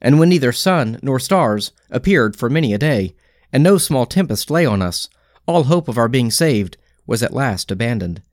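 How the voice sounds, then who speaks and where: Man in a measured scripture reading. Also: mid-range voice, expressive, no room sound, studio quality. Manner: slow, phrase-by-phrase liturgical delivery. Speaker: scripture reader.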